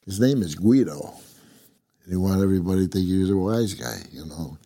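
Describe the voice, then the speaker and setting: A man's voice: sits low, animated, brisk, warm tone, no echo, studio quality. An older man from upstate New York, a former prison inmate telling his story in a blunt, rambling, constantly swearing way. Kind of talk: casual profane storytelling.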